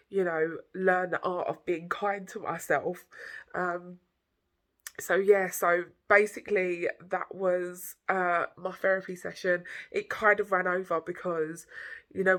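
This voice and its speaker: A woman in her thirties talks straight to her camera in a personal vlog, her voice pitched fairly low with a gravelly fry. She is heartfelt and a little tearful, drifting through fillers and half-finished thoughts as she opens up. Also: fairly bright tone. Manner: heartfelt, rambling with many fillers. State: tearful, emotional. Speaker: vlogger.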